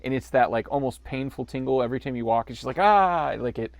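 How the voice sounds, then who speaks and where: A man's voice: mid-range voice, fast, dry recording. A man co-hosting a podcast, riffing on a movie in jokey, rambling banter and laughing often. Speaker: podcast co-host.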